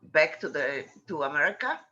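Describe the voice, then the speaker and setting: A man, a comedian guest, giving slow, musing remarks in casual chat over a video call. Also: fairly high pitch, sing-song, pushed and bright, dull audio.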